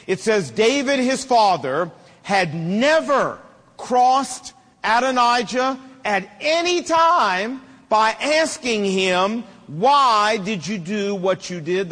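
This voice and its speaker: A middle-aged man delivers a sermon in a notably high voice. He hammers home his points with repetition and homespun jokes. A long reverb trails his words, as in a large hall. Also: a bit bright. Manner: emphatic, repetitive rhetorical preaching with folksy humor. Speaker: pastor.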